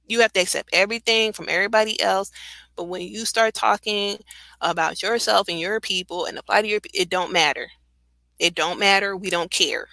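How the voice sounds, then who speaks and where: A woman speaks on a talk radio show. She is impassioned and conversational, laughing now and then and filling gaps with "you know" and "um." Her voice is bright and forceful, and it sounds dry and close. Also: medium pitch, fairly even intonation, a little fast, gravelly, no echo, rough recording. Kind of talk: casual radio commentary.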